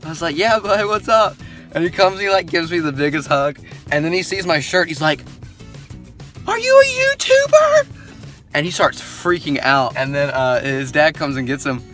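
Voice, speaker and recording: A young man chats to his camera in an upbeat, joking way while he drives and packs up his gear. His voice is bright and forward, a little stuffy from a cold, picked up close by a headset mic. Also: fairly high pitch, fairly even intonation, brisk, faint music behind. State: sick, stuffy nose. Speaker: vlogger and magician. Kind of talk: casual vlog talk. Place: outdoors and in a car. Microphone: headset microphone.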